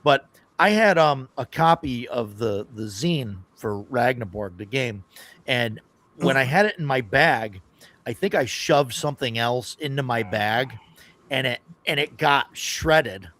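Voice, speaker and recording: A man hosts a relaxed gaming chat with a voice of ordinary pitch. He tells stories in loose, rambling runs and laughs often as he talks. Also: unhurried, no echo. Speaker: podcast host. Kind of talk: casual chat.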